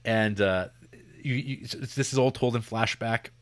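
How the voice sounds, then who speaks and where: A man's voice: medium pitch, moderate pace, no echo. A man co-hosting a podcast, reviewing a film in a rambling, jokey, casual way into a podcast mic. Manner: rambling, jokey, lots of fillers and restarts. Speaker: podcast co-host.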